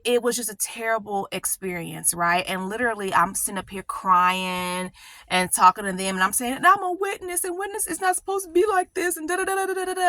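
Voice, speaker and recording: A woman's voice: medium pitch, sharp tone, dry recording. A woman hosting her own channel, telling a personal story in an emotional, conversational way, repeating phrases for emphasis and often asking "right?". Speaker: channel host.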